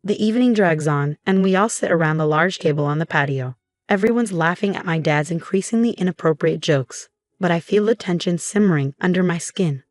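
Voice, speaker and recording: A woman narrating a first-person story in an even, measured reading voice. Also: lowish voice, no echo.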